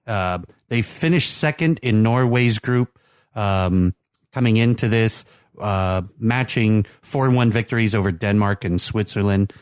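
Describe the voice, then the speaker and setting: A man's voice: on the low side, measured pace, clean tone, no echo. Chatty man, dry close sound. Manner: chatty, many fillers and restarts. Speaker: podcast co-host. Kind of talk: casual sports chat.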